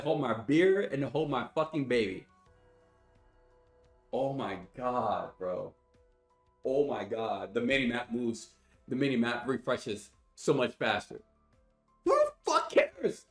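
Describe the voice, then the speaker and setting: A young gaming streamer rants angrily and profanely to his chat, sighing heavily in exasperation. His medium-pitched voice is unhurried, broken by long pauses. The recording has a roomy echo and faint music.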